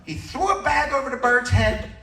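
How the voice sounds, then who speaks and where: A man doing a stand-up comedy set, telling a story with shouted screams and acted-out dialogue. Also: very high voice, moderate pace, gravelly. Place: comedy club stage. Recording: echoey club from a distance.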